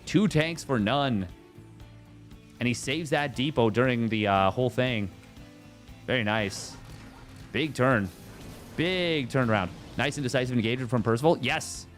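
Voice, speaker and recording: Male solo caster, jokey and excitable, mid-pitched, faint music under him. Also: a little slow, pauses often. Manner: jokey, excitable, riffs and sing-songs. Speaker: esports caster. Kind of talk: solo game commentary.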